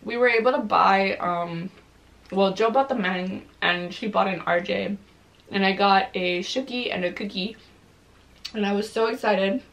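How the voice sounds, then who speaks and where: A woman's voice: medium pitch, a little slow, fairly bright tone. A young woman vlogger telling a story casually while eating, chatty and full of "like"s, swearing freely.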